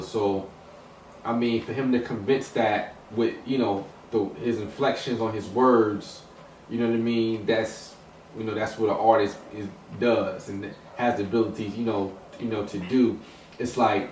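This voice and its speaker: A man in a casual hip hop discussion, talking in a rambling way with many restarts and fillers. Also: mid-range voice. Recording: roomy echo, distant mic, some noise.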